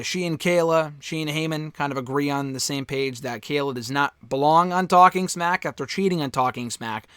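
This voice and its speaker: Male reviewer, talks candidly and offhand, higher-pitched voice, dry close mic. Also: fairly bright tone, no echo. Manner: candid, offhand, swears freely. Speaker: wrestling show reviewer. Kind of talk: casual spoken review.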